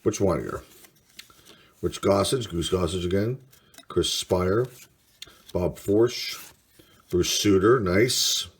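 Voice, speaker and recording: In a casual card-opening video, a man with a deep, husky voice reads player names aloud one at a time. He's unhurried and mildly enthusiastic as he gives his card-break commentary.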